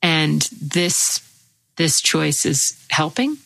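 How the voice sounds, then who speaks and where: A woman's voice: sits low, animated, extremely slow, gravelly, dry recording, rough recording. A woman hosting a conversation, talking thoughtfully about her ideas and often agreeing with her guest. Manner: warmly agreeing, reflective. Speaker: host. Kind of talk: casual chat.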